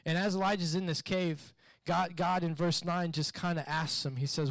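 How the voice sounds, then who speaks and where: A man preaching a sermon in a conversational, animated way, retelling a story and repeating questions. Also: a little high, moderate pace, no echo. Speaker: pastor.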